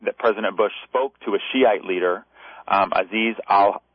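A man from Texas, a news correspondent, chatting as a radio guest with quick conversational asides. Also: lowish voice. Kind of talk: casual talk radio chat. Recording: tinny phone line.

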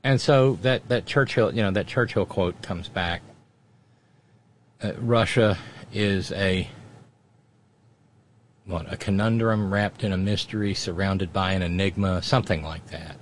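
A talk show host with a fairly low male voice and a wry, joking delivery. He reads listener comments aloud and tosses in puns and asides. His tone is casual and loose, full of "uh"s. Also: a little slow, pauses often, slight background noise.

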